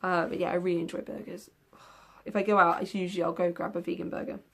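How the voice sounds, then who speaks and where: A young book vlogger races through tag questions in a casual video, her fairly low voice gravelly, husky and level in tone. She rambles loosely, filling the gaps with ums and sometimes a yawn.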